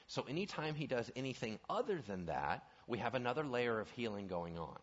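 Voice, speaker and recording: A man's voice: medium pitch, fairly quick, few pauses. A male pastor preaching a sermon, asking the congregation questions as he goes. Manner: animated, asks the audience questions. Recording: dull lo-fi recording.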